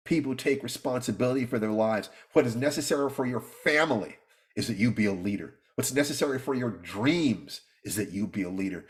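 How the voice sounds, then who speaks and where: A middle-aged man teaching his students in an earnest motivational talk, often repeating himself and pleading with them. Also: medium pitch.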